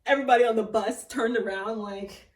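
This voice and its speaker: A young woman, a theatre actor, telling a personal story in a casual vlog, animated and often laughing or squealing with excitement. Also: a little high, brisk. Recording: echoey room, voice a bit far from the mic.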